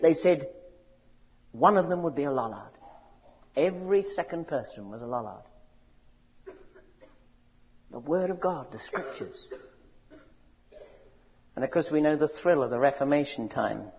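A man preaching a sermon, building to loud rousing cries and asking his audience questions. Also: on the high side, lively intonation, a little slow, pauses often. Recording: dull recording in a large reverberant hall.

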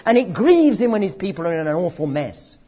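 Preacher, husky, lively sermon. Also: male voice, high voice, fairly quick. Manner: animated, swings from loud urgent emphasis to quiet asides. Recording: dull lo-fi recording.

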